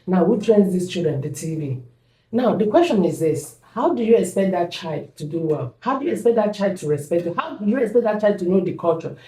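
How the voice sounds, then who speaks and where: A woman's voice: fairly low pitch, fairly quick, a little hiss or hum. A woman from Nigeria, a mother, telling stories emphatically in a casual panel chat. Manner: animated storytelling, emphatic. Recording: echoey room.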